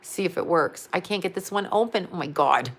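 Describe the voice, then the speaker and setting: A woman with a lowish voice and a brisk delivery chats on a live stream, working as a psychic and astrologer answering the chat. She rambles, speaks bluntly, laughs often and swears without hesitation.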